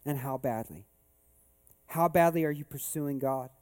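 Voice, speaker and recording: A man's voice: medium pitch, a little slow, darkish tone. A male pastor preaching a sermon at a church service. He tells a story in a conversational way, then builds to emphatic rhetorical questions.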